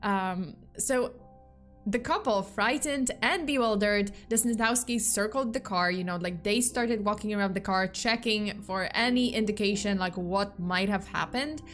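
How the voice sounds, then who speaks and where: A woman's voice: mid-range voice, measured pace, a bit bright, soft background music. A woman streamer telling a spooky story in a chatty, playful way with lots of fillers.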